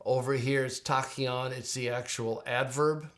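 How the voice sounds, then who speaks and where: A man's voice: medium pitch, steady tone, unhurried, fairly bright tone. Chatty middle-aged man teaching Greek. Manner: conversational, repeats words and restarts with many fillers. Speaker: Greek teacher reviewing a Greek text. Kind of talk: casual screen-share teaching.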